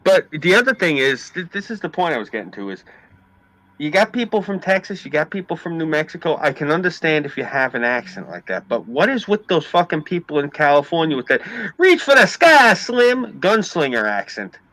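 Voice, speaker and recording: A man's voice: on the high side, a little fast, rough recording. A man with a New York accent, ranting and swearing in casual chat as a stream host. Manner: ranting, profane, animated storytelling.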